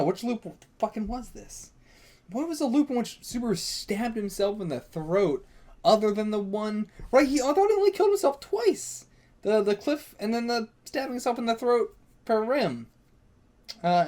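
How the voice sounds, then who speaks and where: Excitable male reaction host, high and very animated, rambling delivery peppered with swearing. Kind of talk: live reading reaction.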